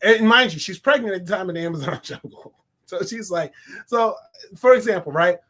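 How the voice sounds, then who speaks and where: High-voiced man giving a laughing movie review. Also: brisk. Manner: animated, laughing, slangy, acts out scenes. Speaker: film reviewer. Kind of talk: casual video review.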